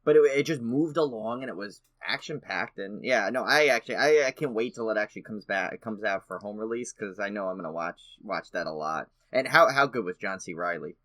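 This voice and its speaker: Excitable male podcast co-host, slightly hoarse, dry close-mic sound. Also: fairly low pitch, brisk, few pauses, no room sound. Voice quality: a bit hoarse. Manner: enthusiastic, many fillers. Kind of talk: casual chat.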